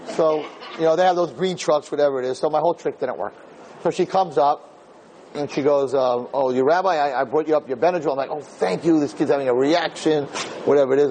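A man's voice: a little high, darkish tone, slight background noise, low-quality recording. A middle-aged man, a rabbi and teacher, telling a story in a Torah talk, acting out the dialogue and repeating phrases.

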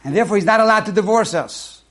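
High-voiced man telling a sermon story. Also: fast. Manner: acts out characters in a story, animated. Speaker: rabbi.

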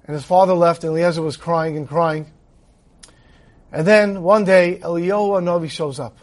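A man with a high voice teaches a Torah lesson, moving from explanation into a long story. He tells it with animation and acts out each character's lines. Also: fairly even intonation, moderate pace. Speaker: rabbi teaching.

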